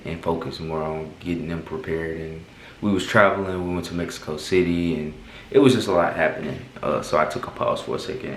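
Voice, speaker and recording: Man, low and monotone, casual Bible reader, home room with faint hiss. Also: reverberant, low-quality recording. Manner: halting, stumbles and rereads words. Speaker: Bible reading host. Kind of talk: casual Bible reading aloud. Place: second bedroom at home.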